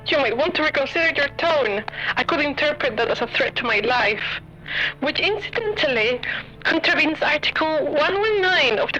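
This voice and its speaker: Woman putting on a pompous legalistic gentleman. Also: high-pitched, muffled recording. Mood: menacing. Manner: pompous, formal, threatening with legal terms. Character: pompous male visitor, legalistic and haughty.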